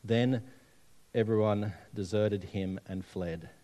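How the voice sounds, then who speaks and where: Slow and steady, a man with a fairly low, dark voice preaches a sermon, telling stories conversationally and asking the congregation questions.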